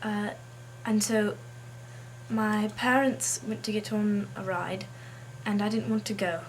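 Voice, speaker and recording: A woman's voice: mid-range voice, flat delivery, takes it slowly, slight background noise. A woman vlogger chatting in a put-on English accent, snarky and hesitant, with lots of ums and uhs. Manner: snarky, hesitant with many fillers. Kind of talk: casual monologue.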